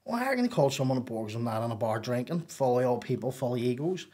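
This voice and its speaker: Man, podcast guest, mid-pitched voice, animated and profane, rambling storytelling. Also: fast. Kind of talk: casual storytelling.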